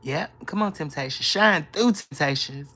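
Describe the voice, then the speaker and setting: A woman's voice: low voice, expressive, moderate pace, a bit bright, breathy edge. A woman in her thirties hosting a casual live stream from her bedroom, teasing her viewers playfully and laughing often as she reads their comments. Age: 30s. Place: bedroom, in bed.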